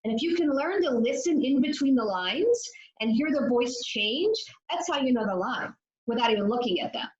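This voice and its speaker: Woman with a bright voice, echoey lo-fi. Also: high voice, expressive, normal speed. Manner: explanatory, confident. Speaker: addiction specialist guest. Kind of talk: podcast interview. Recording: echoey room, dull lo-fi sound.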